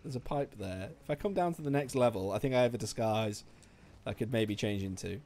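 Excitable sweary gamer. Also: male voice, medium pitch, brisk, long pauses, no echo. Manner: excitable, sweary, bursts of shouting and laughter. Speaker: streamer. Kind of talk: live gameplay commentary.

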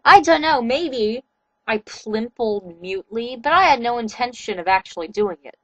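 A woman giving a comedic, deadpan reading of fan fiction, with wry asides. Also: a little high, normal speed, no echo, dull audio. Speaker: reader.

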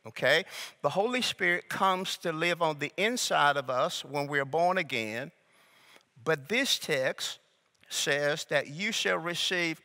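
Slow, emphatic male preacher in a reverberant hall. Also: fairly high pitch, expressive, bright, forceful tone. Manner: call-and-response, coaxing the congregation to repeat; slow, deliberate emphasis on key words. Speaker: pastor. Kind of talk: sermon teaching.

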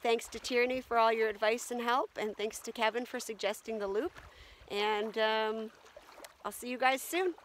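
A woman filming a solo camping vlog outdoors at a lake portage, talking reflectively with many pauses and ums. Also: a little high, a little hiss or hum.

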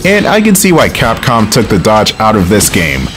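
A man with a lowish, slightly bright voice swings wildly in pitch as he narrates a casual let's play from home, with faint music in the background. He's wry and swears a lot, breaking into quick bursts of frustration.

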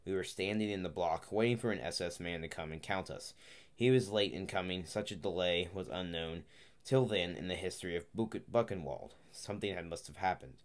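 Deep voiced guy reading an audiobook, kinda halting, fixes his words as he goes. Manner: halting, frequent restarts and self-corrections. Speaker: audiobook reader. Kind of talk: audiobook narration.

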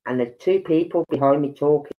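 A woman's voice: low-pitched, brisk. A woman with a Birmingham accent, chatting casually to a live audience and acting out the voices of people in her stories. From Birmingham, England. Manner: chatty storyteller who acts out quoted voices. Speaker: livestream host. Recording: dull lo-fi stream audio.

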